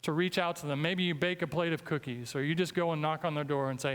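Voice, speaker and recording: A man with a Midwestern American accent preaching a sermon as a guest speaker, earnest and emphatic, slowing down when he reads scripture. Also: a little high, fairly even intonation, a bit bright. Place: church sanctuary. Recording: long church reverb.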